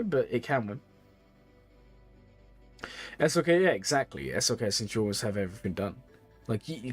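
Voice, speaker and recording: A man streaming live, giving casual, rambling game advice to viewers, a bit tired. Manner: chatty, rambling, repeats phrases, lively pitch. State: tired, yawning. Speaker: streamer reviewing game accounts.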